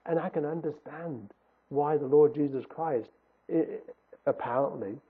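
A man's voice: a little high, unhurried, breathy edge. A man preaching a sermon in an earnest, emphatic way, repeating his key phrases for weight. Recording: tinny phone-like recording.

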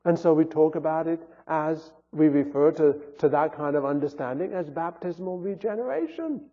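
Pastor preaching in a reverberant church. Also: male voice, a little high, lively intonation, moderate pace. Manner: earnest preaching, rising and falling emphasis. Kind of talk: sermon. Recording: phone-like sound with long hall reverb.

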